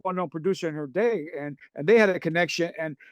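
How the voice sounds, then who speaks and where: A man with a notably high voice tells a story on a podcast, stumbling through false starts and slipping into the voices of the people in it. The sound is dry and close, with no room around it. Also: quick pace, no room sound. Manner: rambling, restarts, acts out quotes. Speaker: series creator guest.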